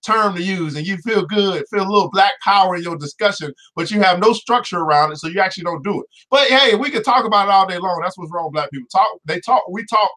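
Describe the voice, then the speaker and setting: High-voiced guy hosting a money show, lively and preachy, tosses in exclamations. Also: quick pace, few pauses. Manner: energetic, preachy, exclamatory asides. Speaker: host. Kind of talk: casual finance show talk.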